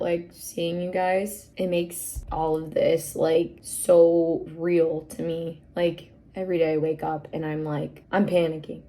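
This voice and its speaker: A young woman in her twenties chatting casually while doing her makeup at home, rambling with lots of fillers and dropping into soft whispered asides. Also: fairly low pitch, little pitch movement, measured pace, hardly any pauses. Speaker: beauty vlogger. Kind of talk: casual get-ready-with-me chat.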